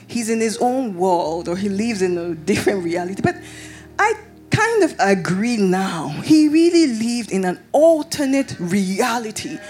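Woman pastor, sermon, animated storytelling, husky voice, faint music behind. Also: fairly high pitch. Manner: animated storytelling, rising to excited shouts.

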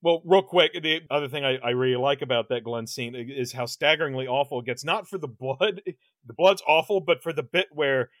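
A man's voice: mid-range voice, brisk, no echo. A man co-hosting a horror film podcast, talking loosely and animatedly, laughing as he goes and restarting his sentences. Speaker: podcast co-host. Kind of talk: casual film-review chat.

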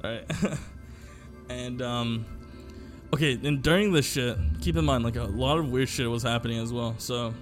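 A man's voice: medium pitch, fairly even intonation, moderate pace, faint music behind. A young man co-hosting a podcast, telling a long story in casual chat, rambling with lots of fillers and swearing. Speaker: podcast co-host.

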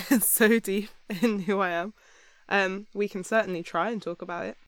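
A young woman from southern England with a southern English accent, co-hosting a podcast in relaxed casual chat and laughing easily. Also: mid-range voice, moderate pace, dry recording. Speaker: podcast co-host.

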